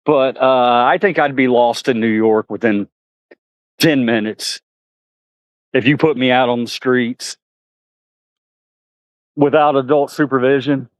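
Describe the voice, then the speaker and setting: A man's voice: mid-range voice, fairly even intonation, a little slow, long pauses, dry recording. A man vlogging outdoors at a zoo, chatting to viewers and talking to the animals. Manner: chatty, laughs often, talks to animals. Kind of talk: casual chat to viewers.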